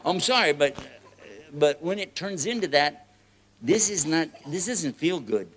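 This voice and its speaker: A man with a Texan accent preaching a lively, joking sermon, often laughing and swinging between loud and soft. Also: a little high, unhurried. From United States.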